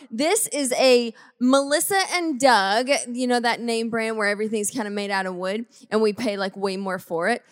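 Woman, 30s, faith show co-host, measured and relaxed, slightly high voice, dry sound. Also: dry recording. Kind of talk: conversational reflection.

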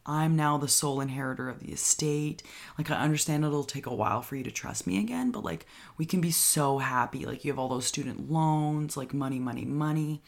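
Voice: mid-range voice, a little fast, creaky, close to an everyday voice. A speaker lightly putting on a scheming boyfriend's pleading lines while recapping a film. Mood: wheedling. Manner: pleading, wheedling.

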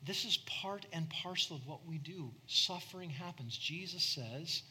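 A man preaching a sermon as a pastor, animated, acting out the people he quotes. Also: fairly high pitch, unhurried, a little hiss or hum. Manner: animated, acts out quoted voices.

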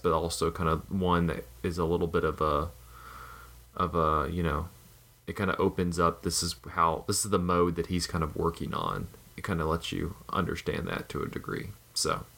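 A man's voice: sits low, pushed and bright. A man hosting a casual film podcast, talking in a hesitant way with many restarts. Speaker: podcast host.

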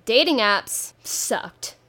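A woman in her twenties hosts a casual solo podcast monologue, speaking candidly and playfully and often swapping curse words for spoken bleeps. Her voice is fairly high, bright, and forceful, with lively intonation and drawn-out words.

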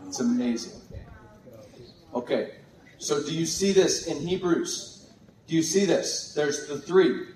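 A man preaching a sermon with exuberant, animated delivery. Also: on the high side, unhurried, pauses often, a little hiss or hum. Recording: echoey room from far off.

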